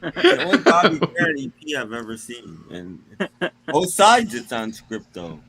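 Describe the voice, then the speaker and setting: A man chatting casually on a live stream, relaxed and offhand. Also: medium pitch, a little slow, husky, poor audio. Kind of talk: casual chat.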